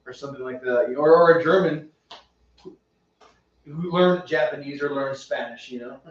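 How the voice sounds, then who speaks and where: A man's voice: mid-range voice, moderate pace. A man co-hosting a casual homebrewing podcast, easygoing and laughing along with jokes. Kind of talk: casual banter. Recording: echoey room, distant mic, dull lo-fi sound.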